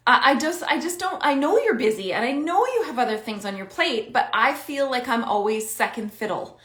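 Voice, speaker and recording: A woman coaching parents in a casual, animated talk, acting out both sides of an everyday conversation. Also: a little high, reverberant. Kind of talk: casual teaching talk to camera.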